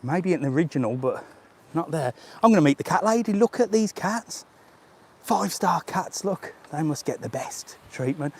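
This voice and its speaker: A man's voice: a little high, animated, normal speed, darkish tone, slight background noise. A middle-aged man, vlogging live while walking outdoors through resort grounds, talking in a jokey, chatty way and chuckling often. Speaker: travel vlogger. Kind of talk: live-streamed walking vlog. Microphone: handheld gimbal camera.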